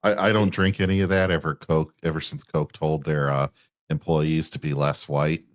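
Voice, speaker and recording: A man's voice: a bass voice, level tone, normal speed, no room sound, clean studio sound. A man co-hosting a casual chat, answering with short, blunt remarks. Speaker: co-host.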